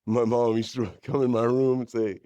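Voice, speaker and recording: A man's voice: level tone, moderate pace, mellow, dry recording. A middle-aged man from the East Bay, telling his own story as a podcast guest in a candid, conversational way. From East Bay, California. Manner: candid storyteller, drops into higher-pitched impressions of others. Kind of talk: conversational interview. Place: podcast studio.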